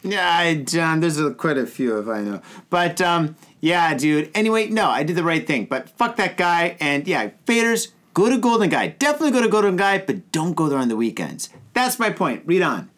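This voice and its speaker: High-voiced American man, lively and profane. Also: normal speed, few pauses. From United States. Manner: profane, rambling storyteller. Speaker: podcast co-host. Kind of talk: casual podcast banter.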